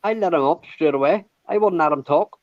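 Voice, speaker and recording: A man's voice: fairly high pitch, fairly quick, highs cut off, over a noisy crowd. A man, hosting a livestream panel and telling stories in rambling, swear-heavy casual banter. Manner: swears constantly, rambling, repeats "they got there".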